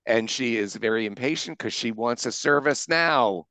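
A man's voice: medium pitch, moderate pace, pushed and bright, clear, resonant tone, dry recording. An older man running through the answers of his trivia round in a casual, wry and punning way. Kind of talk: casual quiz answer run-through with puns.

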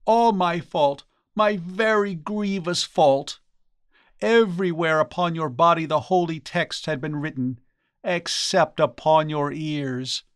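A man reading aloud, voicing a distressed old priest in a high, anguished tone with a slow lament. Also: fairly bright tone, clean tone, dry recording, studio quality. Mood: remorseful. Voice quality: pitched well above the reader's own voice.

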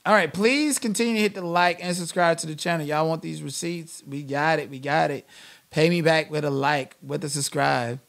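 A man's voice: on the high side, steady tone, normal speed, gravelly, fairly bright tone. A man hosting a live-stream commentary channel, ranting in a blunt, sassy, emphatic way.

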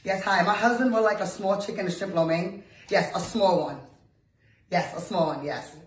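A woman in comedic couple skits who talks loudly and confrontationally, cursing and quick to laugh. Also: lowish voice, far from the mic. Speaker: girlfriend in prank skits. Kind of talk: comedic couple prank skit. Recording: echoey room with background noise.

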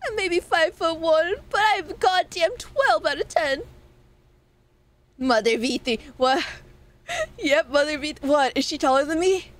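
A woman with a high, lively voice speaks at a measured pace and pauses often. She's a streamer casually chatting with her viewers, teasing them playfully and frequently laughing.

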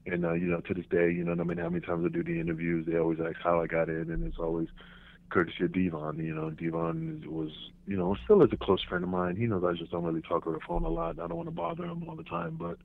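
Gravelly-voiced man storytelling over a phone line. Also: low voice, fast talker. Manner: animated storyteller, acts out voices and laughs. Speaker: podcast guest, former wrestler. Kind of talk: casual storytelling interview.

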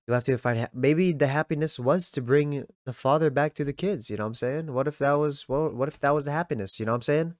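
A young man giving casual, excitable reaction commentary, laughing often and reading lines aloud in a slangy way. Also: fairly high pitch, fast, few pauses, no room sound, clean studio sound. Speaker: anime reaction youtuber.

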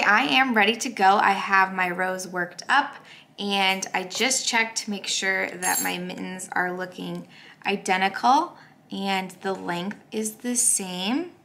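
A woman's voice: mid-range voice, creaky, pushed and bright, a little hiss or hum. A woman hosting a crochet tutorial, talking through each step in a chatty, upbeat way with frequent fillers.

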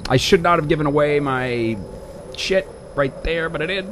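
A young man giving casual, sarcastic commentary over his own shooter gameplay, swearing and breaking into excited outbursts. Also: fairly high pitch, moderate pace, background noise.

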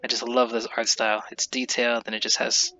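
A man with a runny nose giving casual game commentary, reading lines aloud in a halting, stumbling way. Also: mid-range voice, little pitch movement, sharp tone. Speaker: gamer doing a let's play.

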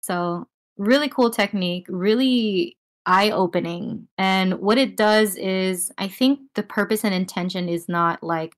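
A woman guiding listeners through a breathing and voice exercise on a video call, talking casually and calmly with many filler words. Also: mid-range voice, takes it slowly. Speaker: breathwork and voice teacher. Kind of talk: guided breathing lesson on a group call. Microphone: video call with noise cancelling.

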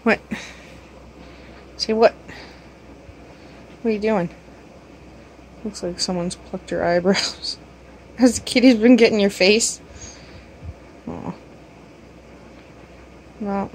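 A woman chats to her pets in swooping baby talk, her pitch leaping all over the place. She takes her time, unhurried and teasing. It has the easy feel of casual home footage. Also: very animated, gravelly, slight background noise. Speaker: pet owner filming her animals.

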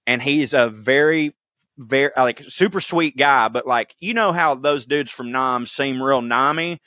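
Bright, animated man. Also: mid-range voice, unhurried, no room sound, clean studio sound. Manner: profane, animated storyteller who acts out quoted people. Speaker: podcast co-host. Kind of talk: casual chat, comic storytelling.

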